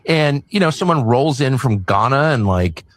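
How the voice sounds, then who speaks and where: A man talks with a lively, rising and falling pitch at a middle height. He hedges as he goes and speaks in a measured, careful way in a played clip. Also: a little hiss or hum. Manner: measured, hedging. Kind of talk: conversational talk.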